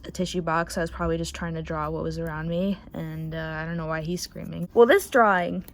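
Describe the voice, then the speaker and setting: A woman's voice: low-pitched, fairly even intonation, fairly quick, a little hiss or hum. A young woman in casual chat, rambling and unsure with many fillers as she shows her sketchbook. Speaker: artist showing her sketchbook.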